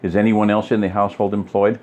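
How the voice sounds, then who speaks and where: A man's voice: lowish voice, level tone, fast talker, darkish tone, dull audio, natural voice. A man reading the lines of an efficient young woman aid worker in an audiobook, in a slightly raised voice. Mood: brisk. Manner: efficient, industrious.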